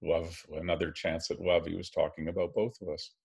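An older Canadian man, a filmmaker, telling a story gently and reflectively as a guest on a video call. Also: sits low, little pitch movement, fairly quick, vocal fry, slightly rough.

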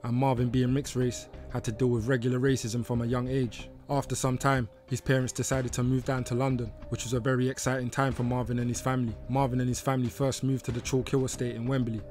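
A man narrating a documentary in a steady, scripted read. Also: medium pitch, fast, few pauses. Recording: narration over faint music.

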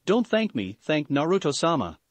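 A man's voice: a little high, big pitch swings, normal speed, no echo. A man voicing a sinister snake-like male scientist who chuckles creepily and speaks with menace. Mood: sly. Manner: menacing, amused.

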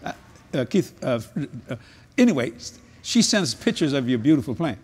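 An older man preaching a humorous sermon at a convention, telling jokey stories and breaking into sudden high-pitched exclamations. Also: big pitch swings, moderate pace, breathy edge. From New Orleans, Louisiana. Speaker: evangelist. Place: large convention hall.

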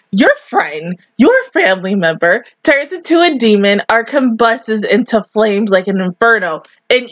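High-voiced excitable young woman. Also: no room sound, muffled recording. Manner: excitable, emotional, rambling and swearing. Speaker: anime reaction host. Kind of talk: casual reaction commentary.

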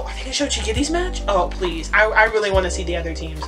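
A woman reacting live as she reads a comic aloud, excitable and foul-mouthed, breaking into laughs and shrieks. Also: medium pitch, quick pace, over music. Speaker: manga reader reacting live. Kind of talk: casual reaction read-along.

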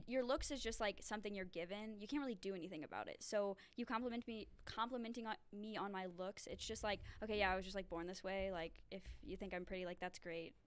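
A woman's voice: mid-range voice, smooth. A young woman guest on a podcast, chatting casually and playfully, going along with the jokes. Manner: playful, goes along with the joke, lots of "like". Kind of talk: casual chat.

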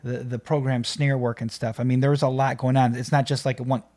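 A man's voice: medium pitch, level tone, a little fast, a little mellow. A man hosting a music reaction video, talking casually and enthusiastically with many fillers and restarts.

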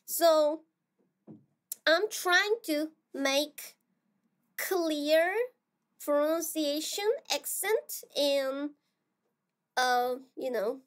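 Chatting casually with viewers, this young streamer speaks with a Korean accent in a high-pitched voice. Her talk is soft-spoken and halting, packed with fillers and restarts.

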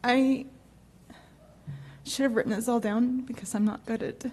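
A woman's voice: fairly high pitch, fairly even intonation, unhurried, a little mellow. A woman close to tears gives an unscripted eulogy in a funeral chapel, her thoughts coming out in loose, rambling order. She apologizes often and breaks into small laughs as she recalls fond memories. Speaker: granddaughter giving a eulogy.

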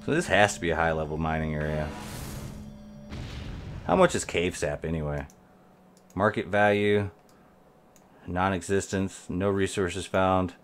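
Low-voiced man streaming gameplay. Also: measured pace, pauses often, a little hiss or hum. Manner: rambling, talks to viewers while playing. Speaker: game streamer. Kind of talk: live gameplay commentary.

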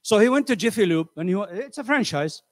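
An older man giving a motivational seminar, animated and conversational, asking the audience questions and acting out voices. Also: high voice, fast talker, no room sound. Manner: animated, acts out quoted voices. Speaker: seminar speaker. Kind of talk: motivational lecture. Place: community center hall.

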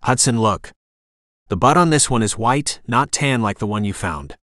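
A man's voice: medium pitch, lively intonation, normal speed, fairly bright tone, no echo, clean studio sound, close to an everyday voice. A man voicing a determined young woman who speaks in a lighter, raised, urgent voice.

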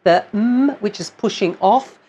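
Slow, patient woman vocal coach. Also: medium pitch, dark tone, husky. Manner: patient, explanatory, demonstrates sounds between explanations. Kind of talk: singing lesson tutorial.

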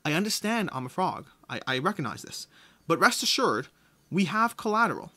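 A man's voice: high-pitched, very animated, moderate pace, bright, forceful tone, voice pushed up, heavily acted. A man voicing a patient, polite talking frog in a told joke, earnest and formal.

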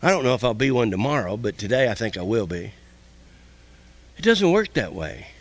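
A man preaching a sermon as pastor, folksy and repetitive, with quick asides to the congregation. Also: medium pitch, very animated, no echo.

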